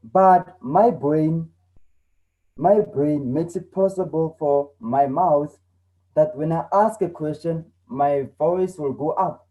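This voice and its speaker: A man's voice: a little high, slow pace, phone-quality sound. A man teaching an online English lesson, explaining patiently and repeating himself with a lot of "okay". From South Africa. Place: home.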